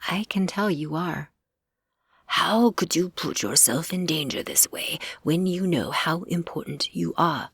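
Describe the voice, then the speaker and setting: A stern male Fae king, voiced by a woman narrator lectures in a low, hushed and measured way. His tone is cool and disapproving, with a deep, gravelly grain. This is a fantasy audiobook. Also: lively intonation, no room sound, heavily acted.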